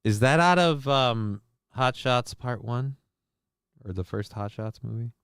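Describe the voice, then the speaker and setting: A man's voice: mid-range voice, expressive, measured pace, a bit bright, smooth, no room sound. A man hosting a casual live-stream talk show, rambling and sardonic with many fillers and restarts, on a close mic.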